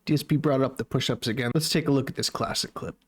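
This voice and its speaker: A man's voice: mid-range voice, fast talker, soft background music. A man hosting a reaction video, adding sarcastic, mocking commentary.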